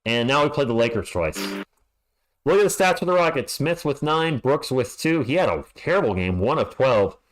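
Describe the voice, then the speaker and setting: A man's voice: medium pitch, lively intonation, normal speed. Exasperated male fan calling a game. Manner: exasperated, ranting, stammers when upset. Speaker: fan livestream host giving play-by-play. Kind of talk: fan play-by-play commentary.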